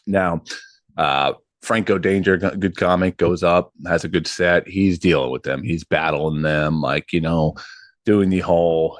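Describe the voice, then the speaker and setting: A man in his thirties spins a rambling anecdote, full of fillers and bursts of acted-out quotes. His voice sits very low. It is recorded close and dry, with no room sound. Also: moderate pace, no echo. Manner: animated, acts out quotes, frequent ums and likes. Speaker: podcast host and comedy show MC. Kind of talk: casual storytelling.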